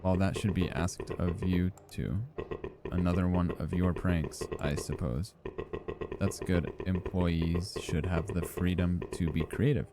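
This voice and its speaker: A man reading aloud for a stern middle-aged male office boss in a game, slow and dry. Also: low voice, fairly even intonation, very noisy. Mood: bossy.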